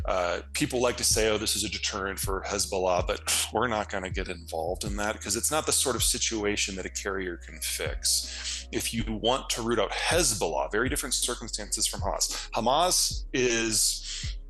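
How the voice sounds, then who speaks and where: Low-voiced man explaining bluntly. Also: expressive, moderate pace, pushed and bright, soft background music. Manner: blunt, fluent explaining with casual asides. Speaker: geopolitical analyst guest. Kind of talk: interview answers.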